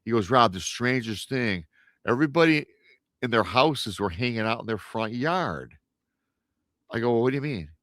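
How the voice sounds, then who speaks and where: A man on a paranormal radio show retelling an encounter story in a casual, animated way, acting out the quoted voices and often restarting his sentences. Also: mid-range voice, moderate pace, dry recording, clean studio sound.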